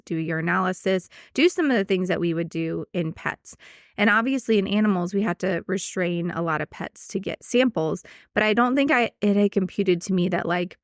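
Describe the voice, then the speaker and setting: A woman's voice: fairly low pitch, no echo, clean studio sound. A woman in her thirties, a veterinarian hosting a podcast, explaining things in casual chat and laughing easily. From United States.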